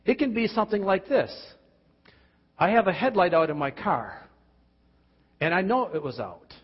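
A man preaching a sermon, asking emphatic rhetorical questions and dropping at times to quiet, intense tones. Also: lively intonation, moderate pace, husky. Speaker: pastor. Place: church. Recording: dull, boomy hall sound.

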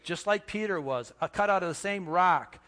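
A man's voice: high voice, a bit bright. Earnest preaching man in a reverberant hall. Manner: earnest preaching with slow emphatic pauses and repetitions. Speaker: pastor. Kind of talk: sermon.

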